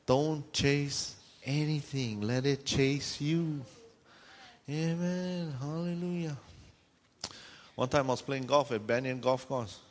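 Pastor, male, animated storyteller, mid-range voice, long church reverb. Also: medium pitch, a little slow, hardly any pauses, slight background noise. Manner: lively storytelling with call-and-response. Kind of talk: sermon. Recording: reverberant hall sound.

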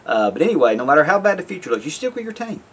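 A man's voice: fairly high pitch, sing-song, racing, a bit bright, slight background noise. A man talking casually to camera in a rambling, folksy way, repeating himself as he goes. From American South. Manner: rambling, folksy, self-interrupting. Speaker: YouTube vlogger.

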